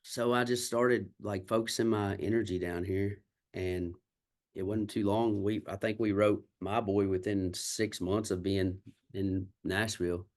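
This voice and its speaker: A man from Kentucky, a country singer and songwriter, tells candid, salty stories in a casual interview, acting out the people he quotes. His voice is lowish and a little mellow, with fairly even intonation and an unhurried pace.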